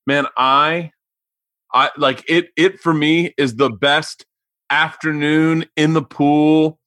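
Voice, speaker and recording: Bright, forceful podcast host. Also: male voice, on the high side, level tone, slow, no echo. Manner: loose, storytelling, profane. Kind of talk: casual interview chat.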